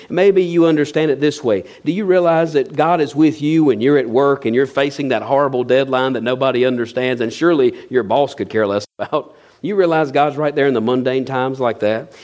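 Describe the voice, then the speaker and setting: A man's voice: mid-range voice, darkish tone. Conversational male pastor preaching. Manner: conversational preaching with rhetorical questions and light laughs. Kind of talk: sermon.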